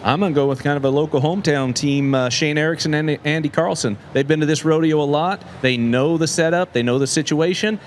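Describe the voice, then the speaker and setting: A man's voice: on the high side, fairly even intonation, brisk, hardly any pauses, slight background noise. A man analyst in a casual panel chat, folksy and wisecracking. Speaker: rodeo analyst.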